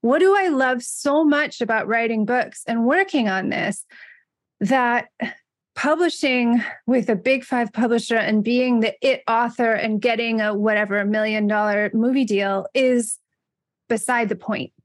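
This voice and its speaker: A woman hosting a podcast, chatting in a bubbly, animated way and laughing often. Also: a little high, a little slow, no room sound, clean studio sound. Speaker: podcast host. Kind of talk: casual podcast conversation.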